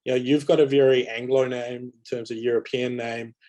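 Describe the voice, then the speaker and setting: A man moderates a panel discussion over a video call mic. He sounds conversational and mid-pitched, and he often restarts his sentences. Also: flat delivery, fairly quick, dark tone. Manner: conversational, many fillers and restarts. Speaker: webinar moderator.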